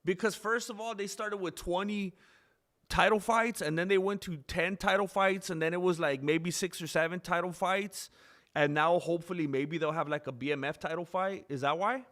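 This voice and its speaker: A man's voice: sits high, moderate pace, fairly bright tone. A man hosting a live stream in casual chat, rambling, reading viewer names aloud and correcting himself as he goes.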